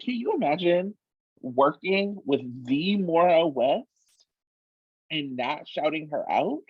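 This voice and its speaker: A woman co-hosting a casual podcast chat, emphatic and animated, swearing freely. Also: low voice, takes it slowly, breathy edge, no echo, highs cut off. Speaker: podcast co-host.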